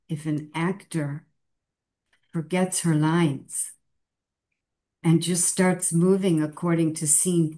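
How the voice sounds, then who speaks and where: A woman talks in a reflective conversation, unhurried and thoughtful. Her voice sits low and sounds mellow. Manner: slow, thoughtful, with laughs. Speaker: spiritual teacher.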